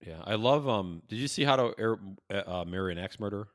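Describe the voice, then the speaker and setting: A man with a low voice co-hosting a podcast, talking loosely and swearing often. He laughs easily and lets sentences trail off. The sound is dry and close. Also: expressive, fast, dry recording. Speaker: podcast co-host. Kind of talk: casual chat.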